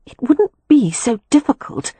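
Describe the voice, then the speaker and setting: A man's voice: very high voice, very animated, measured pace, dark tone, slightly rough, no room sound, pitched above the performer's own voice, full character voice. A man voicing an eager, flustered young bride who speaks breathlessly and insistently.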